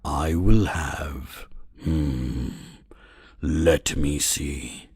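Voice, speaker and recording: A man voicing a slow, grand storybook lion. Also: rumbling low, a little mellow, slightly rough, no room sound, clean studio sound, pitched below the performer's own voice, full character voice. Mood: grand, lordly. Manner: slow, grand, drawn-out speech. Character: pompous grand male lion customer.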